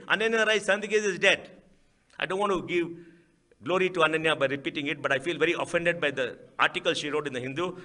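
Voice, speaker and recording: Man, middle-aged, Indian English accent, public speech, emphatic, high-pitched. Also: pushed and bright. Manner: emphatic, repetitive, rhetorical questions. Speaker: guest speaker. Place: lecture hall.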